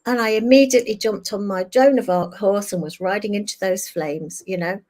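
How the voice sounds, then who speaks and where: A woman's voice: mid-range voice, brisk. Older woman telling a candid story. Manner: animated, acts out her own past thoughts in quoted asides. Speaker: guest.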